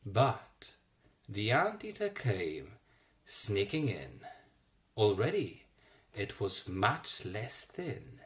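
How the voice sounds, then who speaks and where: A theatre actor, reading a rhyming children's story aloud at home, theatrical and expressive. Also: low voice, very slow, long pauses. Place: home, self-recorded.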